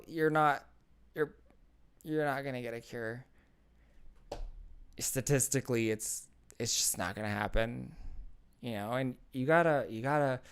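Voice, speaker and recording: A man's voice: medium pitch, smooth. A man hosting a casual livestream, reading out chat and reacting sarcastically, laughing and repeating himself. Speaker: streamer host reading chat. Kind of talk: casual live-stream commentary.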